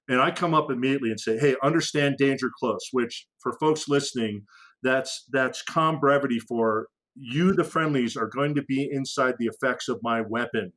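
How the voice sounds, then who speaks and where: A middle-aged former fighter aircrew member, a guest on a podcast, tells combat stories in a loose, chatty interview at a moderate pace with an ordinary mid-range voice. He restarts sentences a lot, uses fillers and profane casual military slang, and is an animated storyteller. When he acts out radio calls, his voice climbs sharply into sudden loud raised lines.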